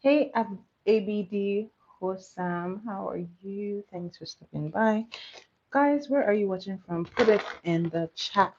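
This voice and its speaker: A woman's voice: medium pitch, measured pace, a little mellow. A young woman doing a casual livestream makeup tutorial, chatty, laughing often and asking her viewers questions. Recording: dull lo-fi audio.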